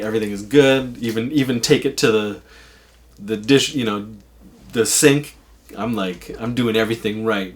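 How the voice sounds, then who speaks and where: A man telling a casual, rambling personal story, swearing now and then and using lots of fillers. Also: fairly low pitch.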